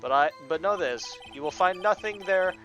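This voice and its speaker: A man's voice: sits high, lively intonation, moderate pace, fairly bright tone, faint music behind, poor audio. A man voicing a cold, arrogant male prosecutor who speaks curtly and with threats. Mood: threatening. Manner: curt, threatening.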